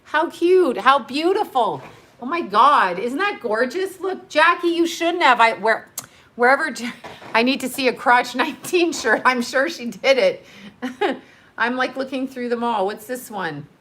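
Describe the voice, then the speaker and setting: A middle-aged woman hosting a casual live stream, gushing and excitable, laughing often and breathing heavily. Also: on the high side, unhurried. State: heavy breathing.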